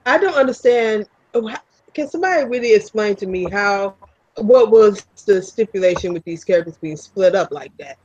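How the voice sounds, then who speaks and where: A man talking earnestly in a casual group chat, halting and questioning. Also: sits high, lively intonation. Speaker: panel guest. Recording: dull lo-fi sound.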